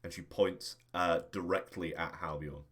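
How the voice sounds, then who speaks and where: A man running a tabletop game as game master, narrating in a relaxed, chatty way with many fillers. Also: low voice, a little slow.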